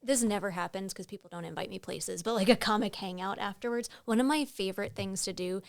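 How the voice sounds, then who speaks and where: A woman's voice: medium pitch, fast talker, gravelly, no room sound, clean studio sound. A woman comedian guest talking casually and filling her speech with "like.". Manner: casual, lots of "like". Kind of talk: casual chat.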